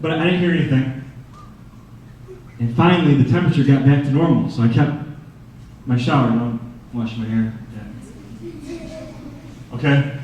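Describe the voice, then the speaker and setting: A man giving a lively storytelling talk to children at a school assembly, breaking into high sung imitations. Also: normal speed, pauses often, highs cut off, slight background noise. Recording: echoey hall from far off.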